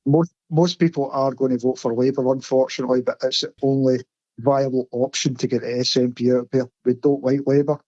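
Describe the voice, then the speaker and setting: A man's voice: medium pitch, flat delivery, a little fast, dark tone, dry recording. Blunt Scottish man on a dull line. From Scotland. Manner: blunt, storytelling. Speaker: correspondent. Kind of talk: casual podcast chat.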